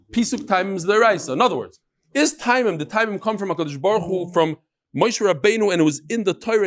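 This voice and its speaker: A man teaching a live Talmud class, bantering with his listeners and mixing Yiddish and Hebrew terms into his talk. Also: high-pitched.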